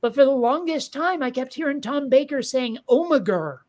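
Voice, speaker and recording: A woman in casual chat, talking in a wry, animated way and telling stories. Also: sits high, normal speed. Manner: chatty, wry, animated storyteller. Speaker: podcast co-host.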